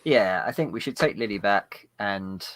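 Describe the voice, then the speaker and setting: A man's voice: fairly low pitch, expressive, moderate pace, fairly bright tone. A man playing a tabletop game, easygoing and decisive in character. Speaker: player.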